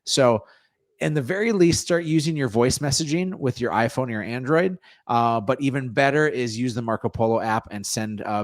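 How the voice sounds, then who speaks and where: Guest: upbeat real estate coach, man, fairly low voice, dry recording. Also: no echo. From North Dakota. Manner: energetic, salesy, plugs his offers. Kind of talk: casual interview answers.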